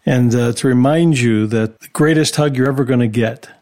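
A man's voice: medium pitch, moderate pace, a little mellow. A man hosting a Christian radio show, speaking in an encouraging, preacherly way to listeners. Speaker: radio host and Bible teacher.

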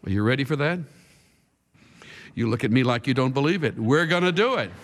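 A man preaching a sermon to a congregation, dramatic, moving from hushed tones to shouting. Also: mid-range voice, expressive, brisk. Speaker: pastor. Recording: long reverb hall with faint music.

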